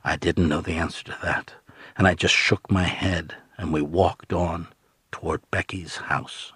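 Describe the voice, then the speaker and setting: Deep husky male audiobook narrator. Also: steady tone, a little slow, fairly bright tone, dry recording, studio quality. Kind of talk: first-person audiobook narration.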